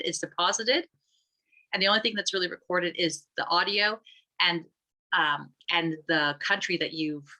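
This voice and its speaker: A woman with a lowish, sharp-toned voice explains an app she founded, rambling conversationally with lots of fillers and restarts. The recording quality is low.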